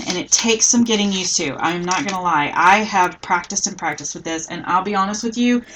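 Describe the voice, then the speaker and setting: Chatty middle-aged woman, lowish voice. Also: a little hiss or hum, low-quality recording. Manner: chatty, thinks aloud while working, often trails off softly. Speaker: scrapbooking tutorial host. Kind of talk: live crafting tutorial, casual chat.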